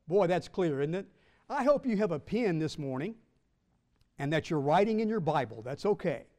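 A man, a Baptist pastor, teaching the Bible to his congregation in church, measured and emphatic, slowing and rising when he reads scripture. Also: fairly high pitch, big pitch swings, darkish tone, in a large hall.

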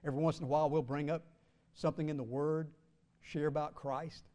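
A male pastor preaching a sermon, calling out questions for the congregation to answer and slowly drawing out key words. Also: on the high side, flat delivery, mellow.

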